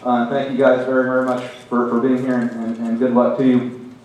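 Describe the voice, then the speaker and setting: Middle-aged man, halting speech in a very echoey hall. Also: medium pitch, monotone, a little mellow. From Oklahoma. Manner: halting, many restarts and repeated words; self-deprecating humor. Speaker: hall of fame inductee. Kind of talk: acceptance speech. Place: banquet hall. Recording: very echoey hall, heard from a distance.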